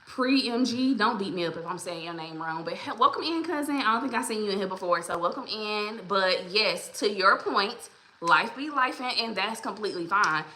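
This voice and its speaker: A woman's voice: mid-range voice, moderate pace, bright, forceful tone, a little hiss or hum. A woman hosting a casual livestream, chatty and encouraging as she greets viewers by name. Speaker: livestream host. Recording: roomy echo.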